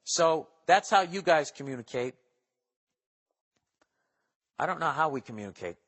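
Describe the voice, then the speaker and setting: A man's voice: fairly high pitch, lively intonation, a little slow, fairly bright tone, long reverb tail. Profane rambling male podcast host. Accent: Boston. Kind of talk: casual comedic monologue.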